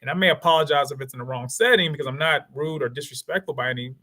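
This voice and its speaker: A man in his thirties with a Southern country twang, a lawyer talking casually as an interview guest and telling animated stories. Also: fairly high pitch, very fast. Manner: animated storytelling, acts out quoted voices.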